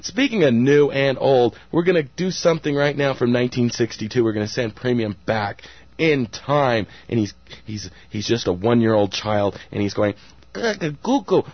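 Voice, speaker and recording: A man's voice: mid-range voice, moderate pace, no echo, lo-fi sound. A man hosting a radio show in casual chat, playful and teasing his co-host.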